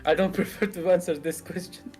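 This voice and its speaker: A man's voice: high-pitched, little pitch movement, fast, darkish tone. A young man from the Arab world chatting casually on a voice call, joking and often restarting his sentences. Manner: jokey, hesitant, restarts a lot. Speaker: voice chat participant. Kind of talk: casual voice chat.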